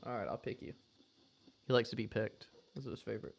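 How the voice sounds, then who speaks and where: A man talking casually to camera about guitar and music, rambling and relaxed, full of slang, now and then cooing at his dog. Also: fairly low pitch, fast talker, creaky, a little hiss or hum. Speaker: guitarist and vlogger.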